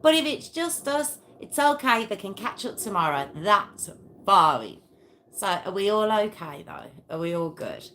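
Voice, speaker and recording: A woman's voice: mid-range voice, sing-song, measured pace, a bit bright, slight background noise. Chatty woman hosting a live stream. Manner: chatty, self-mocking, answers comments as she talks. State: sore arm. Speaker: true crime livestream host. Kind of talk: casual live chat with viewers.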